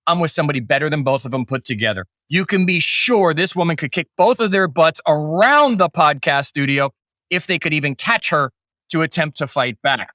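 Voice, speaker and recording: Bright-voiced, hyped male podcast host. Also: on the high side, fairly quick, no room sound, clean studio sound. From Canada. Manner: hyped, jokey showman delivery. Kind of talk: upbeat podcast intro and interview.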